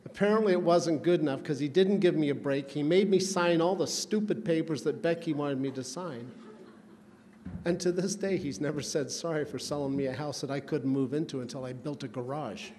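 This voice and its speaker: In a slightly high voice with a darkish tone, a man talks fairly quickly as he roasts the guest of honor at a charity roast with rambling, folksy comic tales. Long hall reverb and faint room noise are audible.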